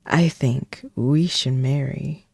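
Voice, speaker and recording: A streamer voicing a lovestruck male ogre from a storybook, reading slow rhyming lines partly in a whisper. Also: medium pitch, gravelly, a little mellow, slightly rough, dry recording, studio quality, exaggerated voice.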